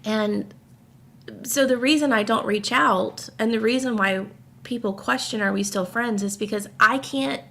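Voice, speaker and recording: Woman podcast co-host, fry in the voice, emotional venting. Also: on the high side, unhurried, bright, forceful tone. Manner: emotional, venting, close to tears. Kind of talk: casual podcast chat.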